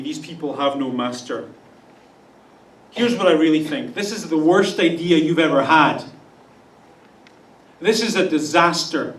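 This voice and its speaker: A man playing a blunt male prophet who gives frank, drawn-out warnings, heard from a distance in a church. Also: on the high side, natural voice. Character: blunt male prophet delivering bad news. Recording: roomy church sound from a distance.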